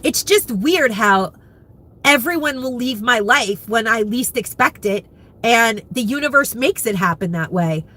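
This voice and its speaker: A woman's voice: on the high side, animated, a little slow, sharp tone. Candid, emotional woman in her fifties. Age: 50s. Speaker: vlogger. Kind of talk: candid live chat.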